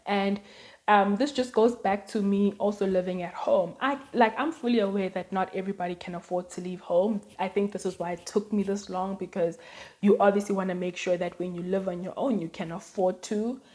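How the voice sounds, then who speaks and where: A woman's voice: mid-range voice, steady tone, fairly quick, darkish tone. A woman vlogger chatting casually to her viewers, telling personal stories with lots of "like" and "um". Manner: chatty, storytelling, many fillers and "like". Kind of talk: casual chat to camera.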